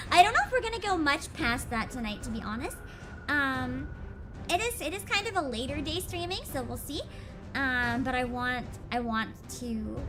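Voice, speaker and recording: A woman streaming a video game, chatting casually and getting emotional, with loud outbursts and laughter. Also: sits high. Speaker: VTuber streamer. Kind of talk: casual game livestream chat.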